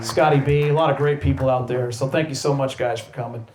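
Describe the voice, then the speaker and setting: A male host telling an energetic story in a live interview, recorded in an outdoor courtyard with an audience. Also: medium pitch, a little fast, reverberant, noisy background. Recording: live crowd audible. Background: audience crowd.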